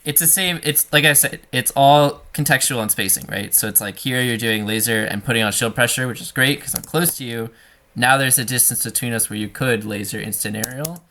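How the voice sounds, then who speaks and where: A man coaching a student over gameplay in a relaxed, talky way, full of fillers and restarts. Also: mid-range voice, brisk, a little hiss or hum.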